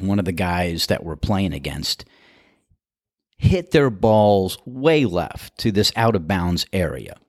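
A man with a low voice spins a casual story about a round of golf with friends. His delivery swings widely in pitch as he acts out the other players, and he laughs his way through the punchlines. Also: no echo, clean studio sound. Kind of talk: casual anecdote.

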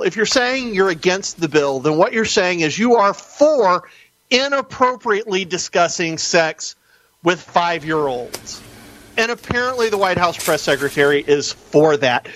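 A man appearing as a guest on a talk radio show, arguing his points in an animated way with quick asides. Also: high-pitched, a little hiss or hum.

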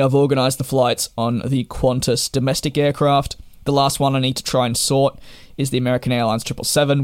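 A man's voice: mid-range voice, dry recording. Exasperated young man, dry sound. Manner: exasperated storytelling, emphatic. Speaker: travel vlogger. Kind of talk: casual monologue to camera.

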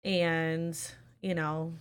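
A young woman hosts a casual podcast, speaking in a fairly low voice. She tells family stories candidly, with plenty of emotion and casual swearing. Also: flat delivery, extremely slow, smooth. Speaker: podcast host. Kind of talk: casual chat. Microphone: webcam or desk mic on a live stream.

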